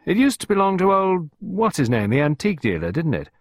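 An insolent, sneering man with a smooth, mocking delivery, voiced by a male narrator a little higher than his own low register. The tone is slightly husky and the recording is dry and close. He sounds amused at everyone's expense. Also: big pitch swings, moderate pace, no room sound. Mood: brusque. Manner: brusque, mocking and impertinent.

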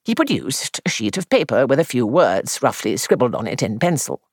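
A man's voice: medium pitch, very animated, dry recording, clean studio sound. Composed male audiobook narrator. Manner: measured, composed first-person storytelling.

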